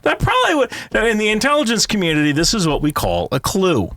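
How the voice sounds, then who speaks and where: A man talking as an intelligence analyst guest in casual podcast chat, animated, laughing often and restarting his sentences. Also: high-pitched, quick pace, noisy background.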